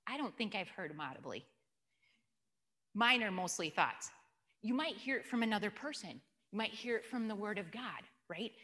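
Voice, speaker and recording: A woman's voice: medium pitch, a bit bright. A woman giving an informal church teaching talk, telling stories and asking the audience questions. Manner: chatty, storytelling, asks the audience questions. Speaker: church speaker. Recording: long hall reverb.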